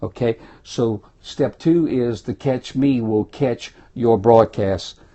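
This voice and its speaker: Cajun guy from south louisiana hyping his viewers on a phone stream, mellow voice, folksy and loud about it. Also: mid-range voice, slow pace, dull audio. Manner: folksy, exuberant, talks straight to viewers. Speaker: motivational speaker. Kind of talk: live-streamed motivational talk. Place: indoors, small room.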